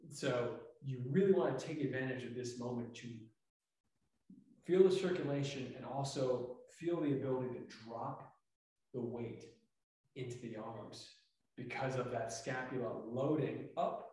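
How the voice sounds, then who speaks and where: A man teaching tai chi, explaining calmly with fillers as he demonstrates each movement. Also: medium pitch, measured pace. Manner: talks while moving through the exercise, relaxed and explanatory, with many fillers. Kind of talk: instructional demonstration. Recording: echoey room, mic far off.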